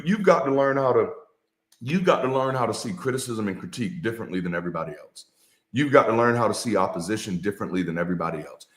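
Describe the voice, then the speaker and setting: A man, a former pastor, giving a casual motivational talk with a preacher's cadence, repeating key lines and dropping slang and swear words. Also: lowish voice. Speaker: ex-pastor and co-host. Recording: echoey room.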